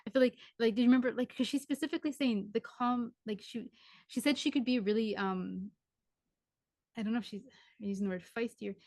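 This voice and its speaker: A woman's voice: on the high side, brisk, a little mellow, dry recording, studio quality. A woman working as a spiritual medium, giving a live reading over a video call in a rambling way full of "like" and restarts.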